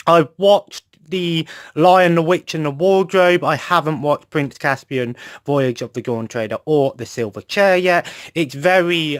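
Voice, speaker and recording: A man's voice: fairly high pitch, a bit bright, no echo. A young man hosting a casual home collection vlog in his son's bedroom, rambling and chatty with lots of fillers. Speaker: collection video host.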